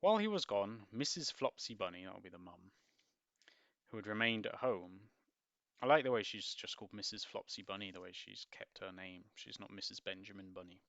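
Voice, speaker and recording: A man's voice: low-pitched, fairly even intonation, a little fast, gravelly, sharp tone, dry recording, lo-fi sound. A man reading a picture book aloud and breaking off for wry, musing asides with hesitant ums. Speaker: book reviewer.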